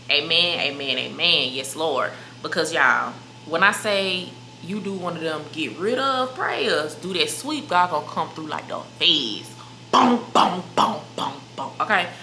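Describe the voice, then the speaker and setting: A young woman vlogger sits and talks straight to her viewers in a loose, emphatic chat to camera, calling them "y'all" and "baby." Her bright voice sits a little low. The room is echoey, with a faint hiss.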